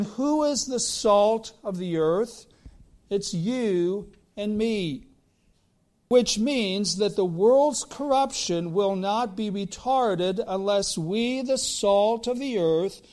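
High-pitched guy preaching a sermon, slow and deliberate, builds up to big emphatic lines. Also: darkish tone. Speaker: pastor.

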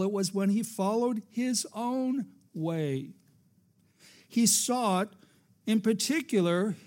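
A pastor delivers a sermon in a rather high, gravelly voice, taking his time. His phrases rise and fall for emphasis in a preacherly way, and he sinks to a near hush before calling on the congregation for an amen.

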